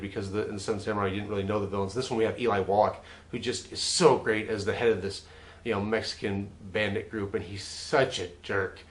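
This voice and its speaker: A man hosting his own film review show, talking through a classic western in a casual, chatty way and often repeating words as he restarts a thought. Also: lowish voice. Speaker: movie reviewer.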